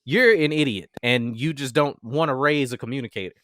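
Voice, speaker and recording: A man's voice: medium pitch, fairly quick, a bit bright, no room sound, clean studio sound. A man in his thirties co-hosting a comedy podcast, giving blunt opinions with a laugh. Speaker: podcast co-host. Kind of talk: casual comedy podcast chat.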